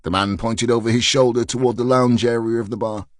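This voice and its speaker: A male narrator reads a mystery thriller in a steady, measured way, his voice at a middling pitch. The recording is dry and close, with no room sound at all. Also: no room sound. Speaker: audiobook narrator. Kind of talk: scripted narration.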